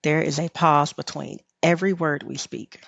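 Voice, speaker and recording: A woman's voice: low-pitched, normal speed, creaky, a bit bright, no echo, highs cut off. A woman with a Southern US drawl, a rest teacher and podcast guest, talking in a reflective, guiding way and laughing often. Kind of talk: podcast conversation.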